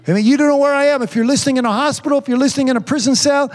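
A man's voice: extremely high pitch, very fast, few pauses, faint music behind. A man preaching a sermon with fervor, often saying amen and hallelujah and calling on the congregation to answer him. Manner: fervent, repeats amen and hallelujah; calls for congregation responses.

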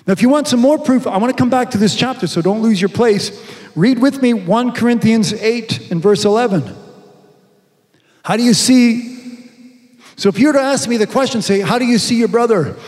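A male pastor with a high-pitched voice preaches in a church hall, his words carrying a long echo. He poses rhetorical questions and slows right down to stress scripture. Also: darkish tone. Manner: preaching with rhetorical questions and slow emphatic reading. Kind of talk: sermon. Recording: long reverb from a large hall.

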